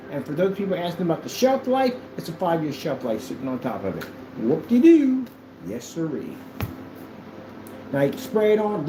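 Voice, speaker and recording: Guy doing a goofy over-the-top product demo, voice jumps all over, noisy room. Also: on the high side. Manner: animated, playful, exaggerated sales talk. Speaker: product presenter. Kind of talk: casual product demo video.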